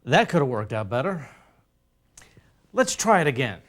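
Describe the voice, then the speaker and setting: A man's voice: mid-range voice, big pitch swings, moderate pace, a little hiss or hum. A man giving scripted narration for an educational video, playful and theatrical in his emphasis.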